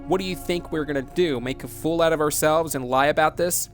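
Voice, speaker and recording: Killer clown ringleader, scornful and slow, voiced by a male announcer, pitched a touch high. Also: music in the background, lightly acted. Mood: defiant.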